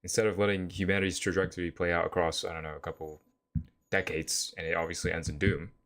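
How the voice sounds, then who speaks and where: A man's voice: low voice, level tone, quick pace, a bit bright. A man reacting to a clip on a stream, talking in a laid-back way and musing in abstract, philosophical terms. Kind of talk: casual reaction commentary.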